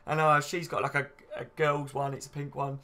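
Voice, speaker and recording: A man in his late twenties hosts a casual fan channel livestream, reading out viewer comments in a chatty, matey way. He swears freely and says "you know what I mean" a lot. His voice is a little high and sharp, with a level tone and a fairly quick pace.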